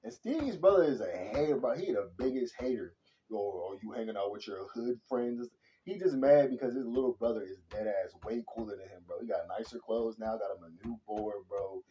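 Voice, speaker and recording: A man giving a casual, slang-heavy movie review, animated and chatty, calling everyone "bro.". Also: lowish voice, a little fast, few pauses, dull audio, a little hiss or hum. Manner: slangy and animated, says "bro" and "hella" constantly.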